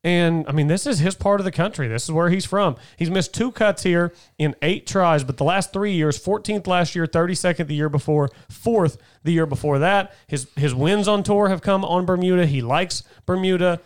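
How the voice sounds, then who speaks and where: Man, podcast co-host, casual sports chat, slightly high voice, reads off stats. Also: normal speed, few pauses.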